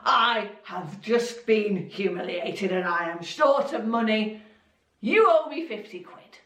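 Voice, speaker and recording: A woman's voice: mid-range voice, takes it slowly, fairly bright tone, roomy sound, recorded from a distance. A woman voicing an angry male servant who demands his money back. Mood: demanding. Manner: blustering, demanding.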